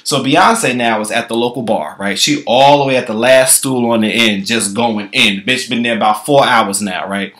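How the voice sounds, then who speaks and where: A man vlogging, telling a profane comic story in an animated, chatty way. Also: medium pitch, normal speed, hardly any pauses. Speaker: comedy vlogger. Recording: echoey room.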